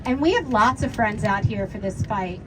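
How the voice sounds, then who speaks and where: A woman's voice: medium pitch, moderate pace. A woman organizer, upbeat and thankful, introducing speakers at an outdoor union rally into a handheld mic. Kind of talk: rally emcee remarks. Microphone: handheld microphone. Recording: loud crowd and street noise outdoors.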